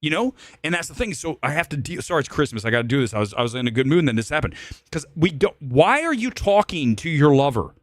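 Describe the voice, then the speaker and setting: An animated man hosting a live movie talk stream, ranting profanely as he tells a story. His pitch swings widely and leaps high whenever he gets heated. The sound is close and dry, with no room around it. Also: rapid-fire, dry recording. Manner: jumps into high shouts when worked up. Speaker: host.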